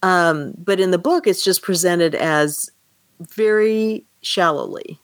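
Woman podcast host talking books, amused and chatty, kinda low voice, dry close sound. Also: slow pace, dry recording. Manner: animated, amused, reads passages aloud. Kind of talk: casual book discussion.

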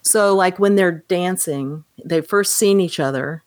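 Low-pitched woman on a podcast, chatty and animated, acting out movie lines, dry close sound. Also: measured pace, no echo. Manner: animated, acts out quoted lines. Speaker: podcast co-host. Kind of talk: casual film discussion.

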